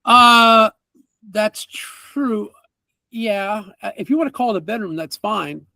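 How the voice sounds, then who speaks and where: A man's voice: sits high, takes it slowly, gravelly, pushed and bright, no room sound, voice pushed up, full character voice. A man voicing a wary, reluctant male fur merchant who talks hesitantly and stammers.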